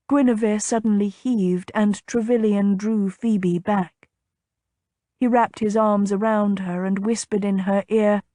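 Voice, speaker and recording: A woman narrating a historical romance audiobook in a measured, even storytelling manner. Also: medium pitch, dry recording, clean studio sound.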